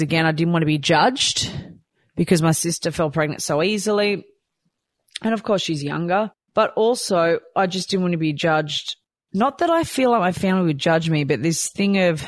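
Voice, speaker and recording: With a fairly low-pitched voice, recorded studio-quality and echo-free, a woman recounts something that happened to her. She's open and lively about it, dramatizing the thoughts she had in quoted form.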